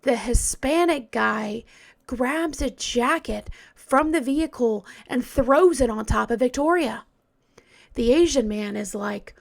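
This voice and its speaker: A woman tells a true crime story in a casual, hesitant way, often dropping to a hushed whisper. Her voice is a little high and gravelly, and she speaks at a slow pace.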